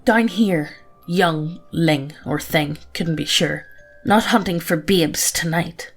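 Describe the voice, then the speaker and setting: Creepy male forest monster, raspy and low-voiced, slow archaic speech, voiced by a woman. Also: soft background music, heavily acted. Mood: menacing. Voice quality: rough, raw, rasping.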